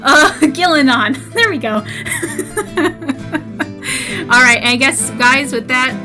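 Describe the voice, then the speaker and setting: A woman's voice: sits high, animated, takes it slowly, over music. A woman co-hosting a gaming podcast, chatting casually and laughing often. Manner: giggly, chatty. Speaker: podcast co-host. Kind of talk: casual chat.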